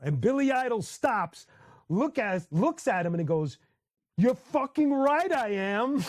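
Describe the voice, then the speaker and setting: A man with a high voice hosts a casual live stream and talks in a loose, chatty way. He tells stories with plenty of energy and slips into quick sung bits and laughter. The sound is dry and close, with no room echo. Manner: animated storyteller who sings snippets and laughs often. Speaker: host.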